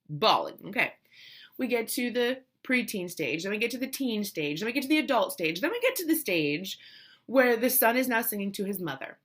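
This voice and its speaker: A woman's voice: on the high side, a little fast. A woman in her thirties, a mother telling a family story casually and emotionally, with many restarts. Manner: animated, emotional, lots of restarts and quoted voices.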